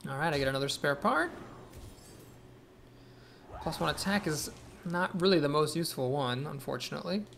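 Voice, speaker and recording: A man's voice: a little high, lively intonation, normal speed, creaky, pauses often, fairly bright tone, a little hiss or hum. A young man commentating his own card game, thinking aloud, weighing plays and correcting himself as he goes. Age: young adult. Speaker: streamer playing a card game. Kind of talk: live gameplay commentary.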